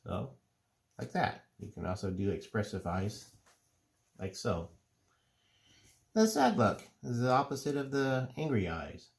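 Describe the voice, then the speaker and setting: A middle-aged man calmly explaining, step by step, how to draw cartoon faces. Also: lowish voice, creaky. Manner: relaxed, unhurried step-by-step explaining. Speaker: drawing teacher. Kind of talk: casual drawing tutorial.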